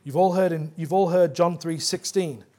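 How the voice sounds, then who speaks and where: A man's voice: a little high, moderate pace, a little mellow. A man preaching a sermon as pastor, explaining scripture verse by verse with earnest emphasis.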